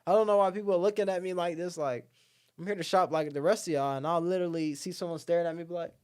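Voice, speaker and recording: A young man talks casually as a podcast guest, his voice a little higher than most and smooth and clear. He is a lively storyteller who slips into the voices of the people he quotes, peppering his talk with "like" and "bro.". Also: fast talker. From Alabama. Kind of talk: casual conversation.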